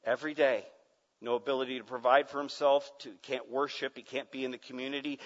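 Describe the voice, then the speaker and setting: A male pastor preaching a sermon dramatically, dropping to a hush and then rising to near shouts. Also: mid-range voice, fairly even intonation, fairly quick. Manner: dramatic, swings from hushed to loud shouting. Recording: muffled sound with long hall reverb.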